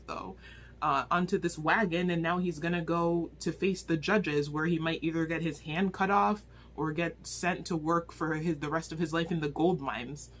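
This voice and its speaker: A woman chats into her phone about a book she just read. She talks in an animated, exclaiming way, often stopping to restart her sentences as she rambles along. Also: low voice. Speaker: book reviewer. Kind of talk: casual vlog book review.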